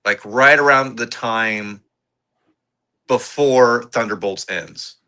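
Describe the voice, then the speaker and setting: A man's voice: mid-range voice, slow pace, sharp tone, clean tone. A man co-hosting a casual movie review podcast, thinking aloud and trading theories. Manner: thoughtful, speculates about what comes next.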